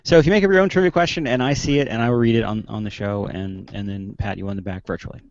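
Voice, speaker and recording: A man's voice: lowish voice, fast, dry recording, lo-fi sound. A man hosting a casual online panel show from a video call, joking and mocking himself as he introduces the crew. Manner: joking, self-mocking, playful.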